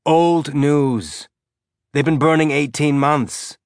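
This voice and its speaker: A man voicing a gruff, blunt male outpost worker who speaks tersely and dryly. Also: a little high, slow, dry recording, voice pushed up. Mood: flat, blunt. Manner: terse, dry.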